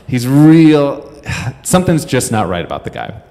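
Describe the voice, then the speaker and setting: A man's voice: medium pitch, animated, normal speed, a little mellow. Self-deprecating man telling a story on stage. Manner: self-deprecating, rambling, with many fillers. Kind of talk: live comedic storytelling to an audience. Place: stage in front of a live audience. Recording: echoey hall.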